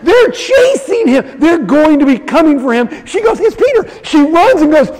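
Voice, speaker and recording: This male pastor's voice is very high and darkish, delivered at a moderate pace with lots of animation. He retells a story in acted-out voices, then speaks straight to his congregation, his words echoing with the long reverb of a big hall.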